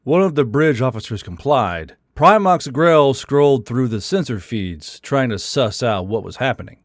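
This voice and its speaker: A man narrating a science fiction story in a steady, scripted storytelling voice. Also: mid-range voice, normal speed, no room sound, studio quality.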